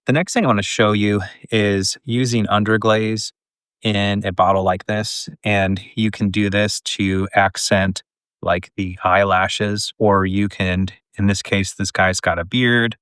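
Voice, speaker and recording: A man's voice: on the low side, a little slow, clean tone, no room sound. A middle-aged man in his pottery studio, casually talking through a glazing demonstration as he works. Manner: relaxed, chatty, talks while working. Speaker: pottery teacher.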